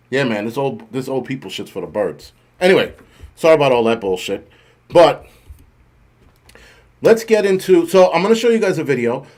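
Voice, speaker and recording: A man's voice: mid-range voice, a little mellow. A middle-aged man hosting a livestream, swearing constantly and rambling in a self-mocking way before turning to the news. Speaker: host. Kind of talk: profane casual livestream rant.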